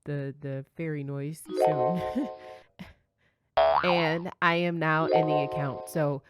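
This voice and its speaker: Woman w/ a deep-ish voice doing a laid-back trading tutorial, chatty, lots of ums. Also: slow, over loud music. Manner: chatty, relaxed, with fillers and light laughs. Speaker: forex trading educator. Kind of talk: casual screen-share tutorial.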